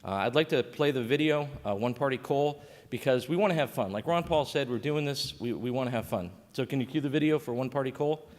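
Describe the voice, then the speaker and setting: A man's voice: mid-range voice, fairly quick, hardly any pauses, darkish tone, a little hiss or hum. A man giving a conversational conference panel talk as a state coordinator, with frequent fillers and restarts. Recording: reverberant conference hall.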